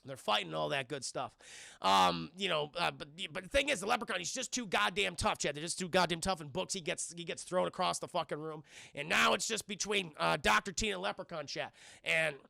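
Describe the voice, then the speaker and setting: Gravelly, bright-voiced man recapping a film. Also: high-pitched, brisk, no echo, studio quality. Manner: animated, profane, keeps addressing chat; thanks viewers for donations mid-recap. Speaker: film reviewer streaming live. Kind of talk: casual spoiler-heavy film recap to live chat.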